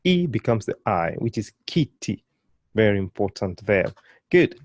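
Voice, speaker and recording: A man whose first language is Swahili, teaching a beginners' language lesson. He speaks slowly over the example sounds and keeps inviting the learner to repeat and praising them. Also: on the low side, sing-song, dry recording. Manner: encouraging, prompts learners to repeat, praises often; slow, carefully stretched model pronunciations.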